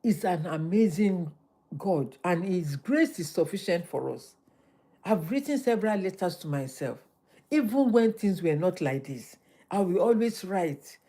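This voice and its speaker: This livestream host, a middle-aged woman, has a voice on the low side and speaks a little slowly. She preaches with energy on her motivational stream, hammering points by repeating phrases.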